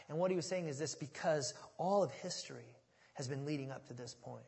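Animated male preacher, high husky voice, sermon, goes from loud bursts to soft asides. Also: fairly quick. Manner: animated, swings from loud excitement to hushed asides. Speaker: pastor. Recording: long reverb of a large hall.

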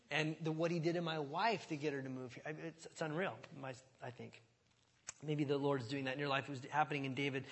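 A man's voice: medium pitch, a bit bright. Impassioned male pastor preaching. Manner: impassioned, rising to emphatic outbursts. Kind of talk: sermon.

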